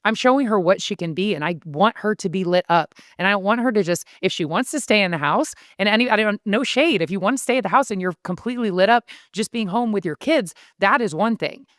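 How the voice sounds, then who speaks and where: A woman who is an author and podcast guest, telling stories in an animated way and acting out the voices she quotes. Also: medium pitch, quick pace, hardly any pauses, no echo, studio quality. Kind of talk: casual podcast conversation.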